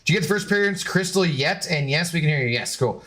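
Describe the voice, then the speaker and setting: Male game streamer, chatty and scattered, slightly higher voice. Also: expressive, quick pace, bright, forceful tone. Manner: chatty and scattered, baby-talking to his dog. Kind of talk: casual live stream chat.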